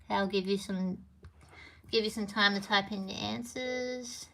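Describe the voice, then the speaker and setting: A woman's voice: mid-range voice, steady tone, normal speed, gravelly, fairly bright tone. A woman hosting a trivia quiz on a casual live stream, chatty and meandering, with lots of fillers and little apologies. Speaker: livestream trivia host. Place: home with a piano.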